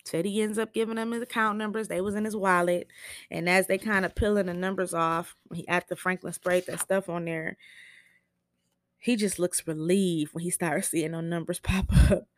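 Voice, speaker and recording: A woman's voice: lowish voice, fairly even intonation, moderate pace, dry recording. A young woman hosting a TV recap podcast, telling the episode in a blunt, profane, chatty way. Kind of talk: casual spoken show recap.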